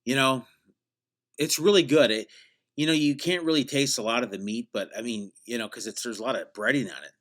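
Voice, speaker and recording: A man hosting a solo podcast, talking sarcastically in a meandering, deadpan way with many restarts. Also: mid-range voice, fairly quick. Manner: mock-grandiose hype at the opening. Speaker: podcast host. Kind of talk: rambling solo podcast monologue.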